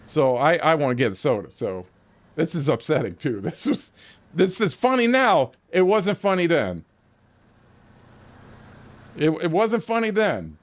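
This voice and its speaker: His voice is fairly high, a little slow and full of pauses as this man streams a game and tells a long story, swearing often, acting out his lines and restarting again and again.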